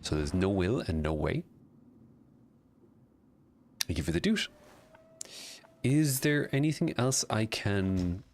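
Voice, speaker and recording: A man's voice: on the low side, vocal fry. A man casually commenting while he plays a video game, chatting about its story lore. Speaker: streamer.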